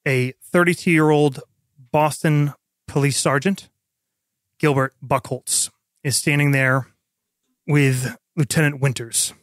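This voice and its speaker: A man's voice: a little high, steady tone, takes it slowly, pauses often, dry recording, clean studio sound. A man running a tabletop role-playing game as game master, explaining the rules plainly.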